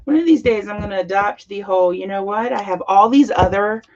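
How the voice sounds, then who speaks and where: A woman's voice: mid-range voice, a little fast, muffled recording, a little hiss or hum. A middle-aged woman, chatting casually and gushing as she works on a scrapbook page at her craft desk. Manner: chatty, gushing, talks while working. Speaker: teacher and crafting channel host. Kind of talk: casual chat while scrapbooking.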